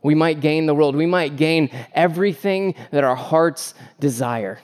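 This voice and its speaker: A man's voice: fairly high pitch, unhurried. A man preaching a sermon as pastor, earnest and emphatic, with repeated phrases and joking asides about family life.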